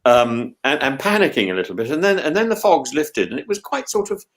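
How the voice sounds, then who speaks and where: A man's voice: fairly high pitch, very animated, fairly quick. An older man chatting on a podcast, stumbling over his words with many repeated restarts. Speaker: podcast host. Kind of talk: casual chat.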